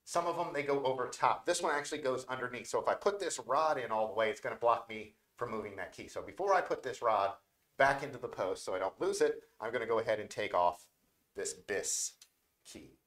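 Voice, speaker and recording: A man talks through a repair job as he does it, calm and easygoing. He jokes now and then between steps, and his voice sometimes drifts away from the mic while he works. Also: mid-range voice, brisk, reverberant. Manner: relaxed, joking, talks while working with his hands. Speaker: repair technician demonstrating. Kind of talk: live instructional demo with banter.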